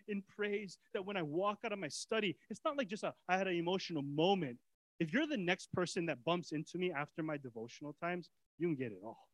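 A man preaching a sermon as pastor in a casual way, swinging from soft, quiet lines to excited shouting. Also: high-pitched, no room sound, low-quality recording. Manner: casual preacher's talk with fillers and repeats.

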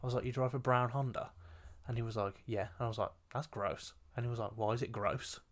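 A young man, co-hosting a casual podcast chat, frank and quick-witted, laughing often. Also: medium pitch, steady tone. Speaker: podcast co-host.

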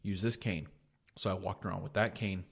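Low, creaky and slightly rough, this young American podcast host speaks at an ordinary pace with a steady tone. His storytelling is casual and relaxed, full of profanity and loads of "like".

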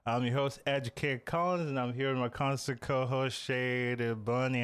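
A man hosting a casual podcast, animated and chatty, often restarting his sentences. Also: mid-range voice, smooth. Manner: animated, quick back-and-forth, restarts. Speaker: podcast host.

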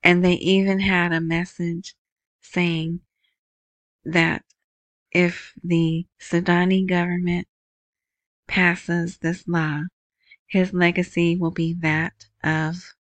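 Kinda low-voiced woman talking slow about the news, dry close sound, keeps saying right?. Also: little pitch movement, no room sound. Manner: chatty, asks "right?" often, slow and unhurried. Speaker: video host. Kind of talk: casual news commentary.

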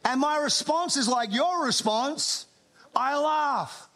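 A man's voice: very high voice, slow, pushed and bright. A man with an Australian accent preaching a sermon to a church congregation, talking conversationally with humorous asides and frequent restarts. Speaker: pastor.

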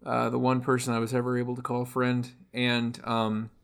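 Man voicing a husky Russian-accented companion robot. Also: mid-range voice, completely flat delivery, fairly quick, lightly acted. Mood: grim. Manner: stiff, formal speech. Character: grieving male-voiced companion robot seeking revenge.

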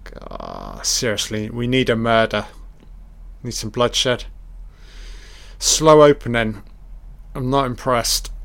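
A man muttering his way through a film in casual watch-along commentary, taking his time between remarks. His tone is blunt and sarcastic, with heavy swearing and dry jabs at the pacing and set design. His pitch sits in an ordinary middle range. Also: sing-song, slow pace, creaky, pauses often, a bit bright. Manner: dry running critique.

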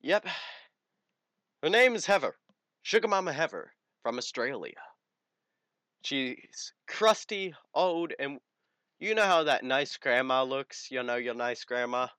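Lively teen guy. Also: medium pitch, measured pace, clear, resonant tone, no room sound. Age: teens. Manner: crude, animated storyteller. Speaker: podcast co-host. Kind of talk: casual storytelling chat.

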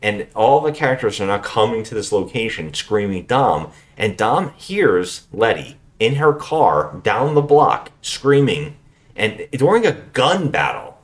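Male podcast co-host, low voice with a lively swing, jokey and profane while recapping. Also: unhurried. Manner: swearing, jokey, acts out scenes in silly voices. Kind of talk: casual comedic movie recap.

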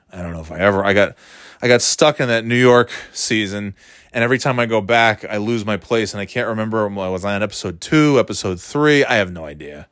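Man, low-ish voice, casual solo host, rambling and wry, dry close sound. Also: fairly bright tone, smooth, no room sound. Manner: rambling, candid, wry, chuckles often.

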